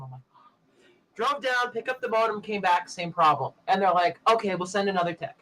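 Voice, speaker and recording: High, bright-voiced man telling a story. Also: brisk, poor audio. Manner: animated anecdote teller, acting out other people's lines. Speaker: show host. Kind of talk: casual chat, storytelling.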